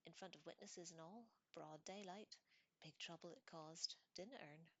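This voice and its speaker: An excitable young bus conductor gossips in a dramatic whispered storybook reading, as a woman puts him on. The voice sits low and husky, with a breathy hush. He leans in as if sharing a secret. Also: moderate pace, no echo. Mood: gossipy.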